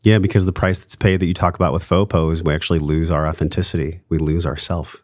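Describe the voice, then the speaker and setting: Very deep-voiced laid-back male host. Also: level tone, quick pace, darkish tone, no room sound, clean studio sound. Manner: laid-back, enthusiastic, says dude and man. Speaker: podcast host. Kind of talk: casual interview chat.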